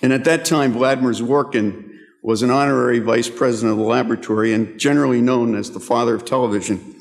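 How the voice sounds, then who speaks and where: A man in his sixties gives a formal award acceptance speech at a rostrum in a large ceremony hall, telling stories with self-deprecating humor. His mid-range, gravelly voice stays steady as he talks fast, and the hall adds a long reverb.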